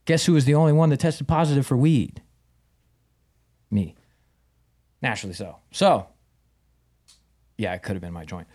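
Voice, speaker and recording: A man in a relaxed podcast chat spins a story with real animation. He slips into the voices of the people he quotes and swears without a second thought. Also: mid-range voice, moderate pace, pauses often. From United States. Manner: animated, acts out quoted dialogue, swears casually. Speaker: podcast guest, Muay Thai fighter. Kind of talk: casual storytelling in conversation.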